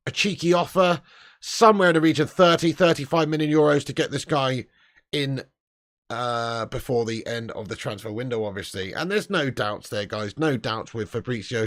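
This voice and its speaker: A man's voice: medium pitch, a bit bright, no echo, clean studio sound. A man hosting a live football transfer news stream, brash and profane, full of banter. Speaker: fan channel host.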